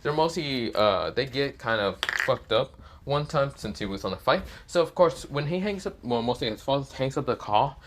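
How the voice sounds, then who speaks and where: A man's voice: mid-range voice, lively intonation, moderate pace, slight background noise. A man narrates an improvised fan story off the cuff. He rambles, leans on fillers and restarts, and drops casual swears along the way.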